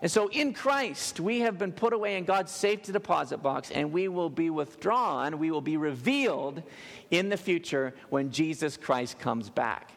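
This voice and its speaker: A man preaching a sermon as a pastor, animated and joking with the congregation in a church. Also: a little high, moderate pace, gravelly. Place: church sanctuary. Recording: long hall reverb.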